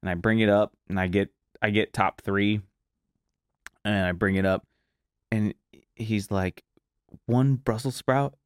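A man's voice: lowish voice, flat delivery, measured pace, pauses often, clear, resonant tone, no room sound, clean studio sound. A man hosting a podcast, telling loose, profane kitchen stories with plenty of fillers. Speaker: podcast host, chef. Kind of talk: casual chat.

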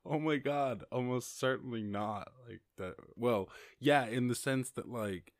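A man's voice: medium pitch, unhurried, no echo, studio quality. A young Irish man hosting a podcast on his own, rambling casually, swearing freely and laughing often. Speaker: podcast host. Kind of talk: casual solo podcast chat.

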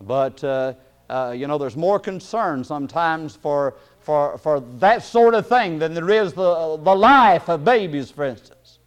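A man preaching a sermon in a folksy way, chuckling often and hesitating with fillers, then rising into loud emphatic bursts. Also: a little high, lively intonation, measured pace, clean tone.

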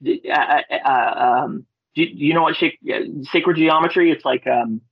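A man's voice: a little high, moderate pace, gravelly, husky, dry recording. Rambling man telling a wild story. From Alaska. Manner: rambling, excitable, swears, often restarts his words. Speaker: podcast guest. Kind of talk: casual storytelling. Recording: dry, dull lo-fi audio.

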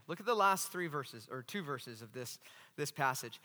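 A man preaching a sermon as pastor, animated and asking the congregation questions. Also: medium pitch, normal speed, long reverb tail. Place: church hall.

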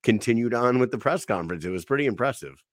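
A man's voice: mid-range voice, expressive, quick pace, no room sound, clean studio sound. A man hosting a casual podcast, recapping events in a laid-back way with many fillers. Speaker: host.

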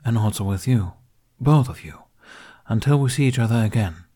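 A man's voice: mid-range voice, expressive, moderate pace, mellow, husky, pitched above the performer's own voice. Man doing an earnest grown Jedi knight. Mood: warm. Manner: formal, earnest.

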